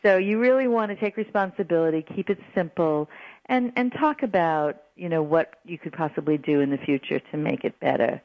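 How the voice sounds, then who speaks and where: A woman's voice: on the low side, a little fast, dry recording. Earnest woman giving parenting advice. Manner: earnest, animated, acts out quoted apologies. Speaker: parenting guest expert. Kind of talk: radio call-in advice talk. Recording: dull lo-fi radio broadcast.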